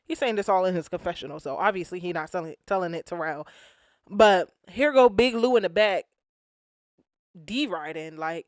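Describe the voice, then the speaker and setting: A woman recaps a reality show in loose, slangy talk and acts out the quotes with plenty of energy. Her voice sits at a middle pitch, and the room around her is dry and close. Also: moderate pace, no echo. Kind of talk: casual recap commentary.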